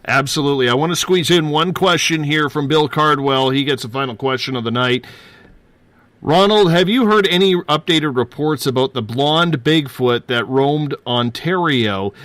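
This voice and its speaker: Brisk male radio talk show host. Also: mid-range voice, a bit bright, no echo. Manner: brisk, announcer-like wrap-up.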